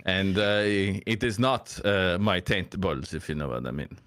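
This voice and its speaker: A man's voice: sits low, animated, measured pace, fairly bright tone, dry recording, studio quality. A man putting on a poor French accent to play a boastful, bawdy male escort applicant in an improvised comedy game. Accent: put-on French accent, deliberately poor. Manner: hammy, bawdy, stumbling with filler sounds.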